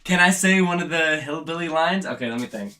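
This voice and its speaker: A man's voice: fairly high pitch, expressive, normal speed, noisy background. A man chatting casually and rambling a bit about haunt acting while setting up an animatronic indoors. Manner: rambling, self-aware. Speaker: vlogger and haunt actor. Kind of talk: casual chat.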